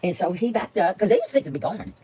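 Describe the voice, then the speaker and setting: A woman's voice: mid-range voice, animated, fast talker, warm tone, slight background noise, low-quality recording. An older woman, chatting casually and rambling as she tells a story while she crafts at home. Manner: rambling, chatty, repeats herself. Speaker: paper-craft vlogger.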